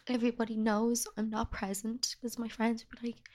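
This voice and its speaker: A young woman speaking as an interview guest, talking in a soft, halting, confessional way about hard personal times. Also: a little high, little pitch movement. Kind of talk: candid personal conversation.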